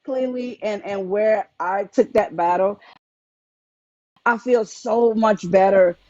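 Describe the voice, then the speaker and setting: A woman on a livestream talking earnestly and haltingly, restarting and repeating her words. Her voice comes through muffled and lo-fi, with a dry, close sound and no room echo. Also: mid-range voice, warm tone. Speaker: livestream guest. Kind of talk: casual chat.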